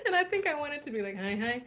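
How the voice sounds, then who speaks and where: A woman from the USA chats on a livestream and reads viewer comments, laughing often and trailing off into murmurs. Her voice is bright and sits a little high, and she takes her time between phrases. She sounds tired from travel. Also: slight background noise. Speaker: livestream host. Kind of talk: casual chat reading viewer comments. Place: indoors in Morocco.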